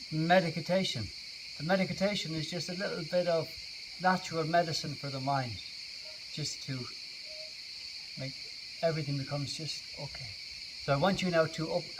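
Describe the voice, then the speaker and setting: A man teaching yoga and meditation to children, guiding them gently and playfully. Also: on the high side. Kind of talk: guided kids' yoga and meditation. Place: outdoors. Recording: distant mic, outdoor noise.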